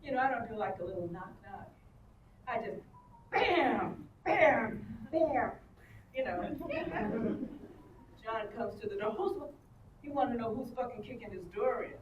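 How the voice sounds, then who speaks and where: Before a convention panel audience, this older woman guest spins bawdy stories with big laughs and acted-out voices. She talks fairly quickly in a slightly high voice. The highs are cut off, and the distant, roomy recording carries crowd noise.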